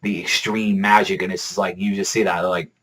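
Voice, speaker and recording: A man hosting a manga reaction video in excitable, rambling casual commentary, swearing a lot and stacking fillers. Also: deep voice, brisk, low-quality recording. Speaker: manga reaction channel host.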